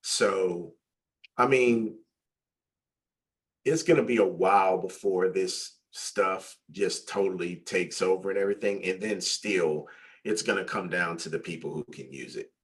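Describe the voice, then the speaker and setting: A man talking casually in a conversation, animated and full of fillers. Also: deep voice, unhurried. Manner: animated storyteller, acts out quoted voices; loose, repetitive phrasing with many "like" fillers.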